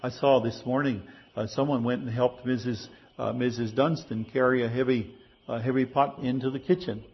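A man's voice: medium pitch, fairly even intonation, moderate pace, breathy edge, lo-fi sound. A male pastor preaching a sermon in a conversational way, asking his congregation rhetorical questions.

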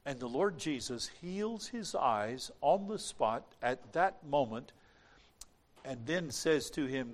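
A man preaching a sermon, swinging between hushed, slow reflection and loud, dramatic cries. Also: medium pitch, expressive.

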